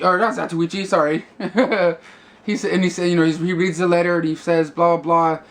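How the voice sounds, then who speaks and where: A man's voice: a little high, fairly even intonation, fairly quick, creaky. Rambling man reviewing a movie. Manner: rambling, many fillers and restarts. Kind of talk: casual video review.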